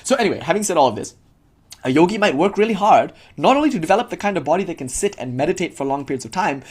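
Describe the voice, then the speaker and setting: A man's voice: sits high, animated, racing, slightly rough. A man giving an informal spiritual talk to his students, speaking casually with lots of "like" and laughing often. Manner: casual, heavy with filler "like", frequent laughter. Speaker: spiritual teacher.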